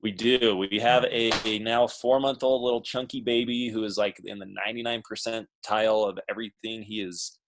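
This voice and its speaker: A man's voice: lowish voice, fairly even intonation, moderate pace, few pauses, background noise. A man in his thirties on a video call from a small home alcove, talking to a team in a friendly, chatty, self-deprecating way. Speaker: guest speaker, corporate mentor.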